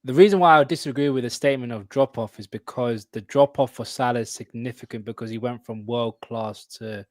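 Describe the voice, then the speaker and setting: A man's voice: mid-range voice, a little fast, no echo, studio quality. A man reasoning in a matter-of-fact way during a casual football analysis chat. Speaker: football pundit guest.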